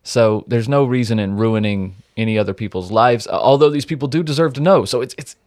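A man's voice: mid-range voice, brisk, darkish tone, dry recording, clean studio sound. A man hosting a true-crime podcast, telling the case in a blunt, wry, profane manner. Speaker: podcast host, storyteller. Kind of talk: casual true-crime narration.

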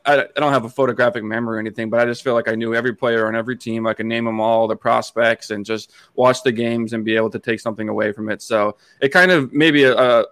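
A man's voice: mid-range voice, fairly bright tone, dry recording. A man in his late twenties from Massachusetts, a podcast guest telling stories in a chatty way with many restarts. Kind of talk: casual storytelling chat.

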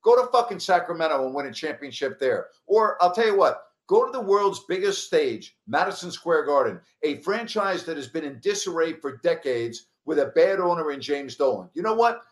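A man co-hosting a sports talk show, his voice a little higher than most. He is emphatic and swears freely as he rants. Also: sing-song, normal speed, hardly any pauses. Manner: emphatic, agreeing loudly, profane.

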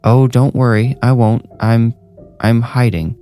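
A man's voice: lowish voice, normal speed, a little mellow, faint music behind, close to an everyday voice. A man voicing a nervous young male coworker who speaks in a shaky, apologetic way.

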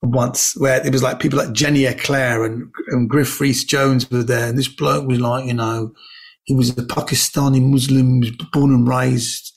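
A man telling lively anecdotes as a guest, often acting out what other people said. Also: mid-range voice, normal speed. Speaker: guest comedian. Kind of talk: casual storytelling interview.

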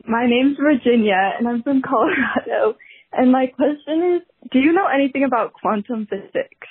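A high-pitched woman leaves an excited voice message with a question. She is heard over a tinny phone line, and the sound is dry and close. She speaks quickly and eagerly. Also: slightly rough, no room sound. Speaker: caller. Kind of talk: recorded voice message.

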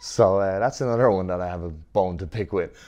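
This is a man with an Irish accent speaking in a very low voice. He chats casually as an interview guest, relaxed, with lots of fillers and easy laughter. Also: brisk. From Ireland. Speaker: guest wrestler.

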